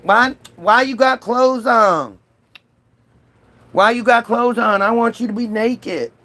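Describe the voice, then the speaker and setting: A man voicing a furious, petty male God who shouts crude, slangy complaints. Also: high voice, lively intonation, unhurried, pitched above the performer's own voice. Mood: enraged.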